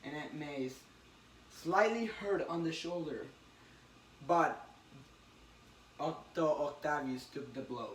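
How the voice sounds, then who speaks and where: Pria bersemangat dari mikrofon jauh. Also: male voice, a little high. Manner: excited, halting retelling with acted quotes. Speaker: podcast co-host recapping a comic. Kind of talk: casual chat. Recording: roomy, distant mic with faint hiss.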